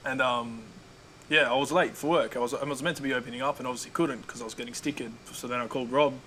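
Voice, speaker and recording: A young man talking quickly in a casual podcast chat. He is a barista and pizza maker, laid-back but animated when he tells a story. A faint hum of ambience sits behind him. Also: medium pitch, low-quality recording.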